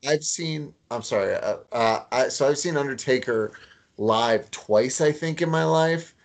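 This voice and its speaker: A man chatting on a casual podcast in a mid-range voice. He speaks haltingly, stopping often to restart and filling gaps with ums. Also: medium pitch, vocal fry. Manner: hesitant, full of ums and restarts. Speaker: podcast co-host.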